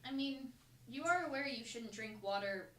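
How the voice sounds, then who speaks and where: A woman's voice: fairly high pitch, expressive, normal speed, a bit bright. Casual podcast co-host, woman, giggly and talkative; roomy echo, sits back from the mic. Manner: giggly, chatty storyteller. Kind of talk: casual chat. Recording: roomy sound from a distant mic.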